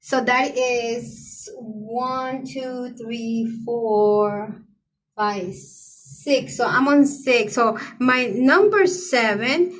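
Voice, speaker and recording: A woman's voice: fairly high pitch, extremely slow. A middle-aged woman chatting casually to her viewers, gushing with effusive praise for other creators. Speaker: coloring channel creator. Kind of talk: casual chat to camera.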